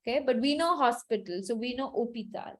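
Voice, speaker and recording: A woman's voice: on the high side, animated, brisk, low-quality recording. A woman teaching a French class online over a video call, patiently repeating each word for her students to drill.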